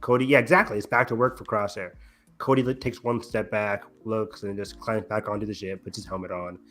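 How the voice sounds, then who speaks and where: Animated man recapping an episode. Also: on the low side. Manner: excited, quick recaps with frequent ums. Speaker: podcast co-host. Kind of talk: casual chat.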